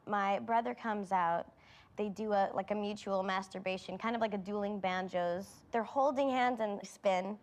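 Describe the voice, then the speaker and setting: A woman comedian tells an outrageous story in a flat, matter-of-fact tone at a mid-range pitch. She sounds casual, as if it were ordinary. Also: moderate pace. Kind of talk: deadpan comic storytelling.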